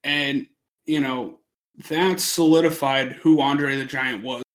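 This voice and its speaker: A man's voice: medium pitch, fairly even intonation, takes it slowly. A young man telling a long story on a casual podcast, rambling, swearing a lot and laughing as he goes. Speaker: podcast co-host.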